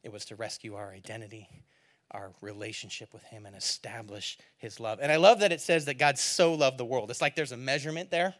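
A man preaching a sermon, moving between quiet, low asides and loud, emphatic passages while reading scripture aloud. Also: steady tone, brisk. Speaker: pastor.

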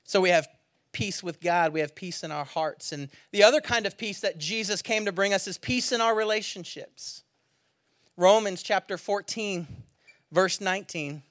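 Middle-aged male pastor, high bright voice, dry close sound, storytelling sermon that swings between loud and hushed. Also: normal speed, no echo. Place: church service.

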